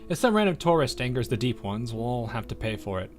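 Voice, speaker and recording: Dismissive police students in a game, a man reading them, flat deadpan. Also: medium pitch, fairly quick, soft background music, lightly acted.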